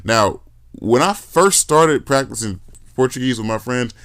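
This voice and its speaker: A man hosting a podcast in casual conversation, talking in a loose, slangy, profane way with excited jumps in pitch. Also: unhurried. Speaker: podcast host.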